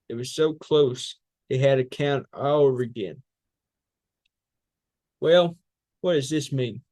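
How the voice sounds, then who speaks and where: A man's voice: medium pitch, a little mellow, no room sound. A man in a public speaking class, reciting a political speech as fiery oratory full of rhetorical questions and repeated phrases.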